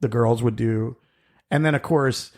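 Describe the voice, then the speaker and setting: A man's voice: mid-range voice, unhurried, darkish tone. A middle-aged man co-hosting a podcast, rambling through stories in casual chat and laughing often. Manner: rambling storyteller, laughs often, acts out quotes. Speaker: podcast co-host.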